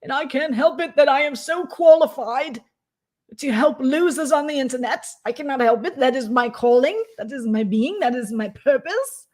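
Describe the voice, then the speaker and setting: A woman's voice: sits high, animated, moderate pace, darkish tone, pitched above the performer's own voice. A woman voicing a pompous, self-pitying male internet troll in a theatrical, grandiose, whiny way. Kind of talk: mocking impression in casual chat.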